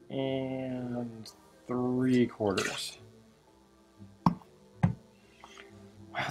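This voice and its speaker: A man hosting a casual live stream, chatting and explaining while he mixes cocktails, with wry asides. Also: medium pitch. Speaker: host mixing cocktails.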